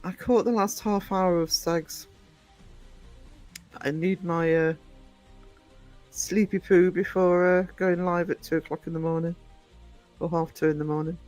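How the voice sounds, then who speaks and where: A man's voice: sits high, steady tone, a little slow, long pauses, a little mellow, faint music behind. A man streaming live, chatting with his viewers in an affectionate, scattered way. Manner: chatty, affectionate, calls viewers sweetie and darling; scattered, frequent ums and trailing off while reading chat. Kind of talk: casual live-stream chat.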